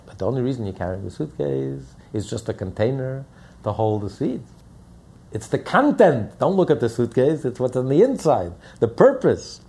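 A man's voice: medium pitch, gravelly, dark tone, breathy edge. A man teaching a Hasidic text in a lecture, repeating points and asking rhetorical questions. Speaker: Torah teacher.

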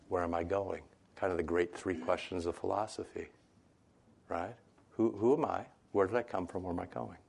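A man with a low, gravelly voice teaches an informal scripture lesson as a Bible teacher. He's chatty and conversational, retelling the story in everyday modern language and frequently checking in with "right?".

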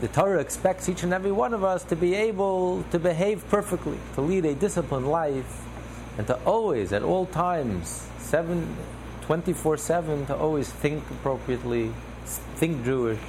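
A man leads a text study class in a gravelly voice, stacking phrase on phrase as he explains. His speech builds through repetition. A steady hum of air conditioning and room noise sits behind him. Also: on the high side, moderate pace. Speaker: Torah teacher.

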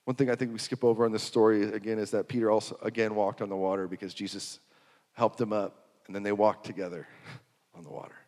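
A man preaching a sermon, swinging from hushed to loud and repeating phrases for emphasis. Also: lowish voice, level tone, fast. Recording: long hall reverb.

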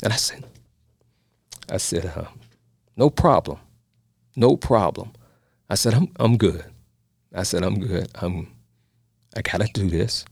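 A man's voice: low-pitched, expressive, slow pace, vocal fry, long pauses, a little mellow, breathy edge, dry recording, clean studio sound. A man, a minister, telling his own story in a sermon and encouraging his listeners. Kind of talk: testimony sermon.

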